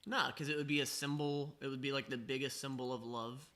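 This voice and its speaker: Playful bright-toned man teasing on a stream. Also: mid-range voice, steady tone, fairly quick. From United States. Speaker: livestream guest. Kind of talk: casual livestream chat.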